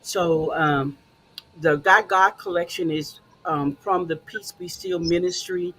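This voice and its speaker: A woman's voice: fairly low pitch, fairly even intonation, slow, a bit bright, a little hiss or hum. A woman hosting a casual talk show, encouraging and conversational, with frequent fillers.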